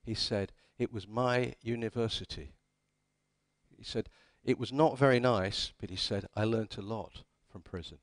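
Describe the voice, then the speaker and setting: A man's voice: fairly low pitch, unhurried, dry recording. A man giving a conference talk, telling history as wry anecdotes and acting out the quoted dialogue. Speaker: conference speaker. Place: conference hall.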